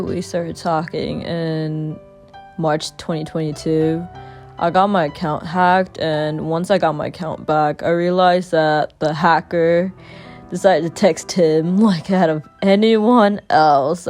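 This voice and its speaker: A woman's voice: low voice, a little mellow. A young woman telling a story in a casual vlog, sarcastic and full of swearing. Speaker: vlogger.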